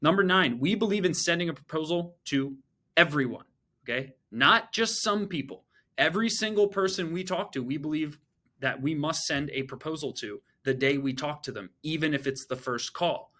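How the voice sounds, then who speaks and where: A man's voice: on the high side, moderate pace, sharp tone. A man giving a sales training talk as a coach, emphatic and punchy, often checking in with "right?" and "okay?". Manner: acts out short sales lines while teaching.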